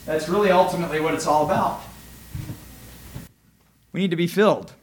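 Emphatic preaching man, fairly high voice. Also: brisk, very echoey, slight background noise, low-quality recording. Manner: emphatic, swings between loud and soft; asks the congregation questions. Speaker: pastor. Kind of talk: sermon.

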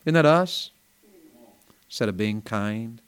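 A man preaching a revival sermon in a small church, folksy and storytelling, rising to loud emphatic peaks. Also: lowish voice, animated, takes it slowly, clean tone.

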